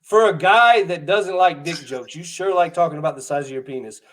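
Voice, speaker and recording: A man's voice: on the high side, a little fast, a bit bright. A man co-hosting a comedy podcast, ribbing his co-host in a teasing, mock-outraged way. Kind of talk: casual comedic banter.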